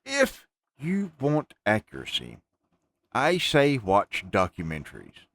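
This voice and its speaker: In a dry recording, a man hosting a podcast talks slowly with a medium, somewhat bright voice whose pitch swoops wildly. He rants casually and emphatically, swearing freely and calling listeners "folks."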